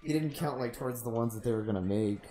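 Low warm-voiced dude joking around while gaming, roomy echo, bit of hiss. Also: male voice, quick pace. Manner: joking, sarcastic banter. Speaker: streamer. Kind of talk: casual gaming chat. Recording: echoey room, faint background noise.

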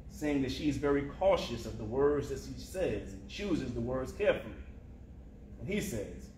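A man's voice: mid-range voice, lively intonation, normal speed, darkish tone, a little hiss or hum. Male preacher telling a story, roomy sound. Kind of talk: storytelling sermon. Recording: roomy echo.

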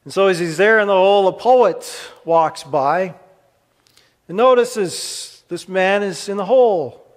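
Male pastor preaching in an echoey hall. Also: high-pitched. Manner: dramatic pauses, swings from emphatic to hushed. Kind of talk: sermon.

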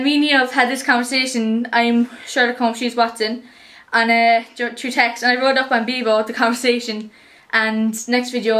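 Irish teen girl, high voice, chatty vlog, rambling and upbeat. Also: a bit bright. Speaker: vlogger. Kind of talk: casual chat to camera.

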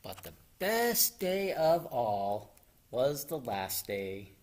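A man, a children's librarian, reading a picture book aloud from home in an animated, expressive storytelling voice. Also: medium pitch, drawn-out words. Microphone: home recording.

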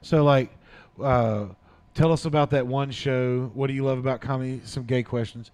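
A man's voice: medium pitch, steady tone, normal speed, darkish tone, clean tone. A man hosting a casual podcast, laid-back and teasing, swearing casually. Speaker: podcast host.

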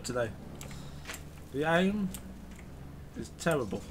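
A man's voice: on the high side, normal speed, a bit bright, a little hiss or hum. A man giving rambling, self-correcting commentary while reviewing a video game. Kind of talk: gameplay commentary.

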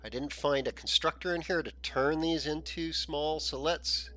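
A man hosting a gaming channel, chatting casually as he plays, thinking aloud and often clearing a frog in his throat. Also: fairly high pitch, moderate pace, sharp tone. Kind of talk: casual gameplay commentary.

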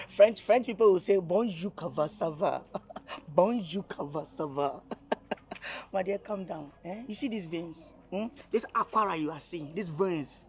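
A cheeky Nigerian flirt. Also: male voice, sits high, measured pace. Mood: teasing. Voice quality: laughing, teasing, pushy.

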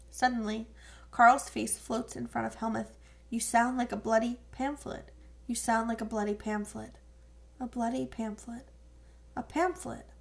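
A woman reads an audiobook in a steady, measured manner. Her voice sits a little high and has a gravelly texture. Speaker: audiobook narrator. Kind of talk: audiobook narration.

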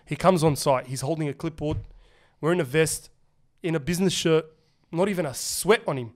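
Young Australian man, slangy swearing storyteller, rapid delivery, slightly high voice. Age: young adult. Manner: animated, slangy, swears often. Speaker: podcast host. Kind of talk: casual storytelling chat.

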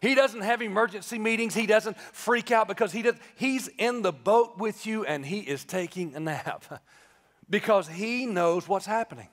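A man preaching a live sermon as pastor, conversational and joking, then building to shouted emphasis. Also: high voice, moderate pace. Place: church sanctuary, live service. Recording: live church with long reverb.

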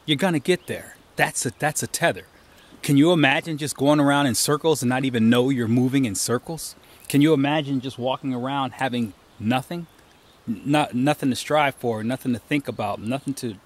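A man talking casually while hiking outdoors, telling stories and giving emphatic advice in a rambling way, recorded on a handheld camera. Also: medium pitch. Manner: rambling, storytelling, emphatic asides. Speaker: hiker vlogger. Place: outdoors on a trail.

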